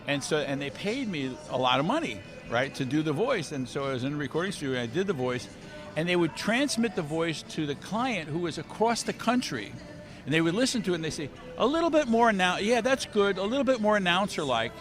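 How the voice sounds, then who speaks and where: A man's voice: on the high side, fairly quick. A man chatting as an interview guest, telling jokey stories with lots of animation. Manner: animated, joking storyteller. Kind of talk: casual interview chat. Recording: music playing in the background.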